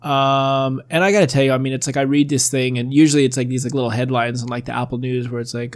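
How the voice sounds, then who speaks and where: A man's voice: mid-range voice, level tone, quick pace, few pauses. A man in casual chat as a podcast co-host, rambling with lots of fillers and the odd swear word.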